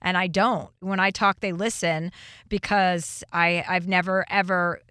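A woman's voice: fairly low pitch, fairly even intonation, a little slow, pushed and bright, smooth, no echo, studio quality. A young woman hosting a call-in advice show, talking earnestly and encouragingly with frequent restarts. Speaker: show host.

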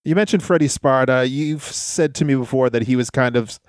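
A man's voice: mid-range voice, brisk, no echo, clean studio sound. A man hosting a casual interview, prompting his guest with questions and filling in names and details. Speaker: podcast host interviewer.

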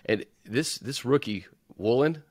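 Man hosting a sports show, halting delivery. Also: mid-range voice, lively intonation, a little mellow, no room sound, studio quality. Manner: stammering restarts, runs through lists. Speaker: host. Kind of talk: casual sports talk.

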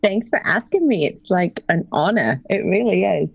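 A woman's voice: medium pitch, expressive, moderate pace, gravelly, slightly rough, dry recording. A woman from England with a mixed English and Midwestern American accent, telling her story as a podcast guest with many "you know"s. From England, near Birmingham. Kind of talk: casual interview chat.

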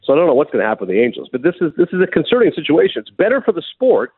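Sports talk host, man, quick lively delivery, husky, tinny phone-like sound. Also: on the high side, no echo. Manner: animated storyteller, laughs often. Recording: muffled phone-like broadcast sound.

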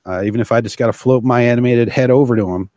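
Man, livestream host, middle pitch, rambling, playful, halting. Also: darkish tone, dry recording. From Canada. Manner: rambling, jokey, halting with many fillers. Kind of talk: casual live-stream chat.

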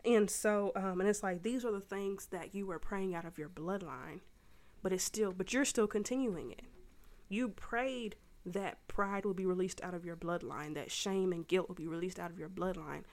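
Young female podcast host, mid-pitch, loose storytelling chat about faith and parenting. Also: normal speed. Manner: chatty and storytelling, with slangy asides. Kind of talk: casual faith talk.

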